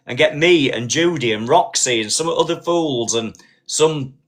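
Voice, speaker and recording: A man hosting a casual live-stream chat, telling an animated story. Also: on the high side, unhurried. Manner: animated storyteller, acts out voices in quotes. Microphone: phone on live stream.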